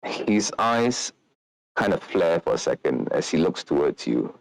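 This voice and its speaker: A man's voice: deep voice, big pitch swings, unhurried, no room sound, rough recording. A man narrating as game master, in loose, rambling descriptions.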